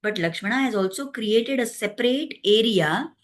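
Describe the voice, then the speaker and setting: Gentle woman retelling a sacred epic. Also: a little high, expressive, normal speed. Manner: gentle, explanatory, acts out quoted dialogue. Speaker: storyteller. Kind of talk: devotional storytelling.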